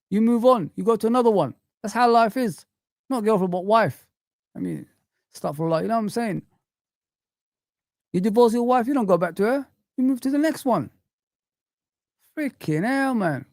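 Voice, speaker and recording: A man's voice: very high voice, no echo, clean studio sound. A man hosting a football live stream, ranting in heated street slang as he reads the chat.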